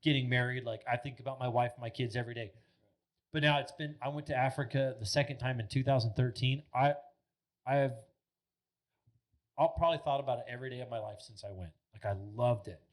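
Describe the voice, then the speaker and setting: A man's voice: mid-range voice, quick pace. Thirty-something guy on a podcast, rambly storytelling, lots of "like", cusses freely, ordinary mid voice. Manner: animated, rambling, heavy filler words, swears freely. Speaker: podcast guest. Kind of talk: casual storytelling chat. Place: podcast studio.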